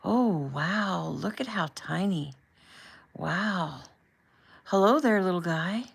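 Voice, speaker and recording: A woman voicing a young man on deployment, speaking softly and tenderly, with a low, gravelly tone. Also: animated, takes it slowly, full character voice. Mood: warm. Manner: soft, quiet, affectionate.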